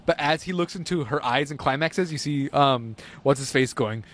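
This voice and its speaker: A man's voice: medium pitch, moderate pace, a bit bright. A young man in casual chat, ranting and mocking with profanity, acting out scenes in silly voices.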